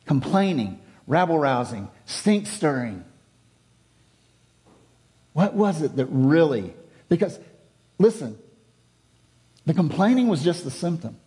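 High-voiced male preacher. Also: very animated, slow pace, long pauses, warm tone. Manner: expository, with rhetorical questions and repetition. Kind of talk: sermon.

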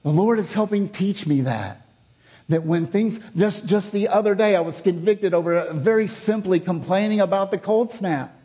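High-voiced male preacher. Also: normal speed, warm tone. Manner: expository, with rhetorical questions and repetition. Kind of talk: sermon.

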